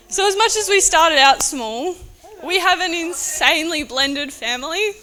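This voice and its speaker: A woman's voice: very high voice, expressive, slow, bright, forceful tone. A woman, the bride's sister, giving an unscripted wedding speech on a handheld mic, nervous, giggly and close to tears. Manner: nervous, giggly, tearful, chatty. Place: indoor wedding reception venue.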